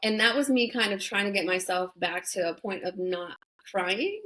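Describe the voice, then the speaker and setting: A woman's voice: medium pitch, expressive, normal speed, bright, forceful tone, poor audio. A young adult woman, a guest on an interview show, talking candidly and bluntly, with frequent swearing and lots of "like" and "you know" fillers. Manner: emphatic, blunt, swears freely. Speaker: interview guest, former reality show contestant.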